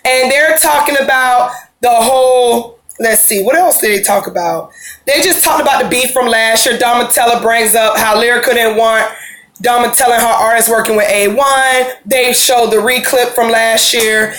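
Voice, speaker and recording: A woman's voice: fairly high pitch, moderate pace, fairly bright tone, reverberant, slight background noise. A woman recapping a TV episode in casual, slangy talk, rambling into asides as she goes. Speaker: show recap vlogger.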